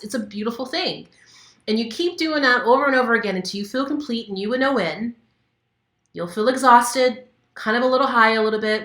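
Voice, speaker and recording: Bright-voiced woman in an echoey room. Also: mid-range voice. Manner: candid and conversational, with many fillers. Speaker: wellness coach. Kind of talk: casual instructional talk to camera.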